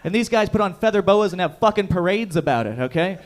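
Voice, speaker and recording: A man's voice: high voice, expressive, fast. Brash, profane young male comic host. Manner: brash, profane, loud crowd work. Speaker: comedy show host. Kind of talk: stand-up comedy. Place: comedy bar stage.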